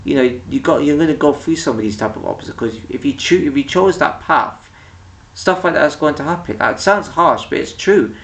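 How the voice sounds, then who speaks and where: Speaking at a moderate pace with a fairly high pitch and lively intonation, this vlogger delivers a casual opinion rant about annoying people, full of restarts and rambling. The mic is distant, and the room echoes.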